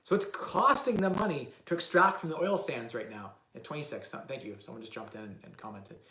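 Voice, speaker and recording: A man's voice: medium pitch, a little fast, roomy sound. A man, rambling animatedly through a casual live-stream Q&A as a real estate investing host. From Canada. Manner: rambling, animated, lots of "like" and "right?".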